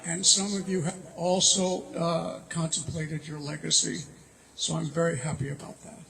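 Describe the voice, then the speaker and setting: Older man, wry honoree speech; very high pitch, gravelly fry. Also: level tone, moderate pace, background noise. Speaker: honoree and organization founder. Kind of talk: speech to an audience. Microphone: handheld mic.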